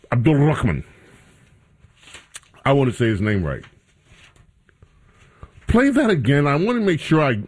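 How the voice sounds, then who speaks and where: A man hosting a talk radio show, bantering with his studio crew in a casual commentary style. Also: medium pitch.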